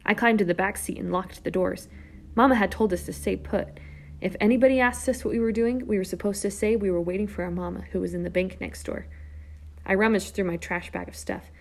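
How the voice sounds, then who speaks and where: A woman reading a first-person children's novel aloud, lively and character-driven, with whispered asides. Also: medium pitch, brisk, gravelly. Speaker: audiobook narrator. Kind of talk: first-person storybook narration.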